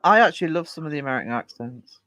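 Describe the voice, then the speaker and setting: A man's voice: on the high side, animated, racing, pushed and bright, dry recording. A British man chatting casually on a late-night livestream, reading out viewer comments with frequent restarts. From United Kingdom. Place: home at night.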